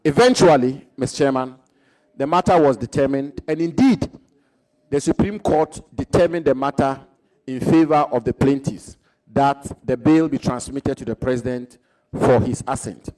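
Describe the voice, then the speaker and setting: A man with a Ghanaian accent questioning a minister nominee at a parliamentary hearing, in a formal, deliberate way. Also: medium pitch, darkish tone, rough recording. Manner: formal, deliberate, quotes records. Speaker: committee member questioning a nominee.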